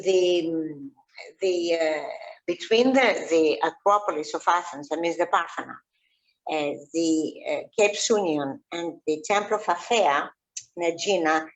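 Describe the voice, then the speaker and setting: Greek-accented woman archaeologist, halting speech. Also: low voice, poor audio. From Greece. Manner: halting, many fillers and restarts. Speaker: archaeologist guest. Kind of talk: casual interview chat.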